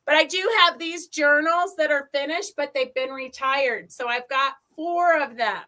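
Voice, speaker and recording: A woman's voice: high-pitched, a little slow, sharp tone. A woman hosting a live sewing stream, chatting casually and rambling with lots of ums as she shows fabric. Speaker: host of a live sewing show.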